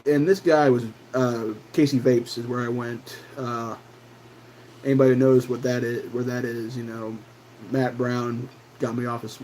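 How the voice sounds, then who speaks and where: A man's voice: medium pitch, a little mellow, slight background noise, low-quality recording. A man hosting his own channel, telling a personal story in a loose, casual way, full of fillers and restarts. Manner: rambling, many fillers and restarts. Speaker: channel host.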